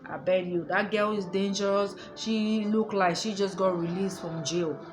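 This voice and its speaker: With music playing behind her, an adult woman calmly tells her viewers about her family, emphasizing and repeating points and checking they understand. Her mid-range voice stays steady and unhurried.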